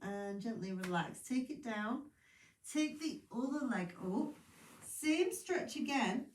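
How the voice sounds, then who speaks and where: With a slightly high voice and slow pace, a sleepy, yawning pilates instructor guides her exercise class. She's calm and encouraging with chatty asides, heard distantly and off-mic in an echoey space.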